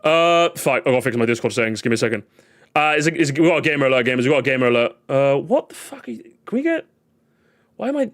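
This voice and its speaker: A man streaming live, ranting in a casual, excitable way and swearing often. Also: mid-range voice, quick pace. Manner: animated, excitable, swears a lot, repeats himself.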